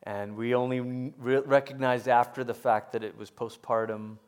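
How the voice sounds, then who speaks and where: A middle-aged man preaching a sermon as pastor, rising to loud emphatic peaks and dropping to soft, hushed storytelling, with frequent stammers and restarts. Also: mid-range voice, steady tone, moderate pace, clear, resonant tone.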